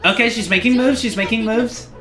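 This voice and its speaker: A streamer commentating live on a game, reacting excitably and chatting with viewers. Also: medium pitch, brisk, reverberant, over music.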